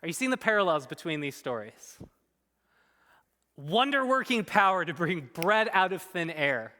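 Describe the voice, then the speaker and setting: A man preaching a sermon as pastor, animated and emphatic, at times dropping to soft, quiet tones. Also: high voice, normal speed. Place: church sanctuary. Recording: long reverb in a church hall.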